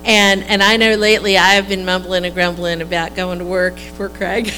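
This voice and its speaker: A woman's voice: lowish voice, flat delivery, normal speed, sharp tone, low-quality recording. A woman chattily telling a workplace testimony and laughing between sentences. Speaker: church member sharing a testimony. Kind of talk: casual testimony storytelling. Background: music.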